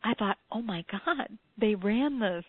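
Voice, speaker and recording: A woman co-hosting a talk show, telling an anecdote in a lively way and acting out what people said. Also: mid-range voice, a little slow, crowd noise. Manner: animated storyteller, acts out quotes. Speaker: podcast co-host, former radio interviewer. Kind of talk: casual chat, anecdote. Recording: dry, tinny phone-like sound.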